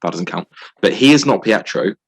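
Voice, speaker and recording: A man co-hosting a comic discussion podcast, laying out theories in a measured way. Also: lowish voice, animated, creaky. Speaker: podcast co-host. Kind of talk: casual chat.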